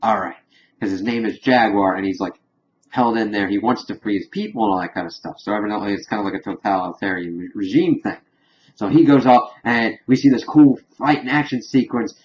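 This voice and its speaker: A man's voice: on the low side, steady tone, fairly quick, darkish tone. Rambling man recapping, dull audio. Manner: rambling, heavy use of "like". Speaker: TV episode reviewer. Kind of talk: casual spoken episode recap.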